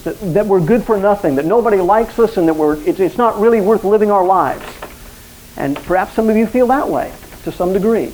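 A man's voice: high-pitched, darkish tone, rough recording. A man preaching an evening sermon, speaking earnestly and directly to his listeners and acting out quoted lines.

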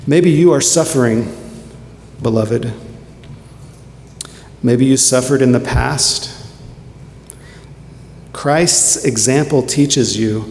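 A man preaching a sermon earnestly, moving between quiet reflection and emphatic points. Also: mid-range voice, slow pace, long pauses, slight background noise. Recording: echoey hall with faint ambience.

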